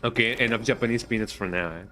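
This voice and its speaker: A man's voice: medium pitch, quick pace, sharp tone, a little hiss or hum. A man streaming a horror game, thinking aloud in a chatty, playful way and often tagging remarks with "eh?". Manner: thinks aloud, repeats words in silly riffs. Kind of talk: casual gaming commentary.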